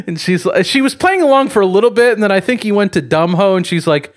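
A man's voice: a little high, big pitch swings, a little fast. A man co-hosting a podcast, telling a long story in a rambling way with fillers and chuckles. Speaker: podcast co-host. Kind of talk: casual podcast chat and storytelling.

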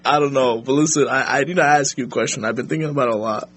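A man's voice: mid-range voice, racing, fairly bright tone, slight background noise. A young man laughing and teasing a girl on a prank call, in casual slang. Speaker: friend making a prank call.

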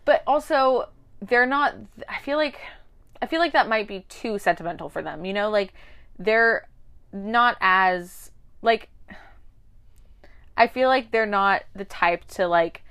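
Chatty woman, casual co-host, lively delivery, jumps into characters' voices when retelling scenes. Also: mid-range voice, a little slow, long pauses, clean tone. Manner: animated, acts out characters' lines. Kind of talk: casual chat about a TV show.

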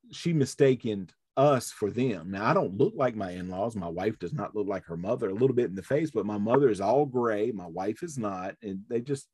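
A man's voice: medium pitch, a little mellow, husky, no echo, studio quality. A man hosting a podcast, telling a story in casual chat and acting out the voices of the people in it. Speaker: podcast host.

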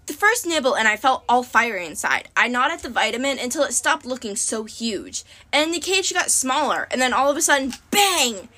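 Woman reading a story out loud, kinda high voice, very expressive. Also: brisk, hardly any pauses. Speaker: audiobook reader. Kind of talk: audiobook narration.

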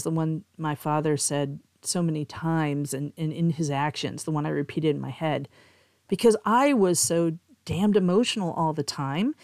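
A woman's voice: sits low, vocal fry, no echo, studio quality. A middle-aged woman, hosting a podcast and telling a candid, emotional personal story in a monologue. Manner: candid, emotional, with soft laughs. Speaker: podcast host, tarot and astrology reader.

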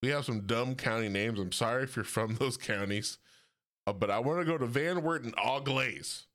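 A man's voice: medium pitch, moderate pace, a bit bright. A man from hosting a casual solo podcast, rambling and correcting himself, with frequent chuckles. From Ohio. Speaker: podcast host.

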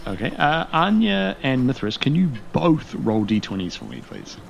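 A man's voice: medium pitch, very animated, moderate pace, vocal fry, dull audio, background noise. A man narrating as game master of a tabletop role-playing game, rambling with fillers and restarts.

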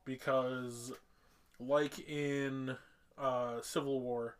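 Slow-paced male co-host, mid pitch, halting and musing. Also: level tone, clean tone. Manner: halting, uses many fillers while he muses. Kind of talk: casual discussion of a TV series.

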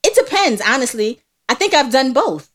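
Woman on a chat podcast, a bit high pitched, playful and laughing a lot. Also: big pitch swings, moderate pace, fairly bright tone. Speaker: podcast co-host. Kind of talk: casual chat.

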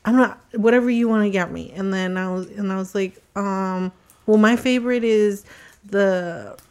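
A woman telling a story in casual podcast chat, acting out quotes in a higher voice. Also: normal speed, darkish tone, smooth.

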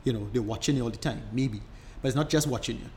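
A man's voice: mid-range voice, quick pace, darkish tone, a little hiss or hum. Rambling man explaining casually. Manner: rambling, restarts often, enthusiastic explainer. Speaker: podcast co-host. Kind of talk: casual chat.

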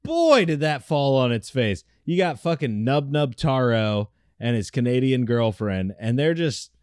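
A man's voice: mid-range voice, very animated, a little slow, darkish tone, clear, resonant tone, no room sound, studio quality. A man from Virginia in casual comedic chat, joking and crude. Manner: joking, crude, does silly accents.

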